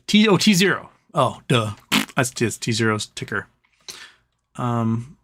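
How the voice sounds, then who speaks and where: A man's voice: medium pitch, creaky, fairly bright tone, slight background noise. A man hosting a casual livestream, thinking aloud and then ranting in an exasperated way. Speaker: livestream host.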